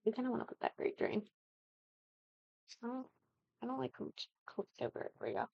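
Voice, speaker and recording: A young woman from the Midwest chatting animatedly while building a house in a game, with excited exclamations. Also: a little high, brisk, gravelly, dry recording, highs cut off. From American Midwest. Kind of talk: casual gaming commentary.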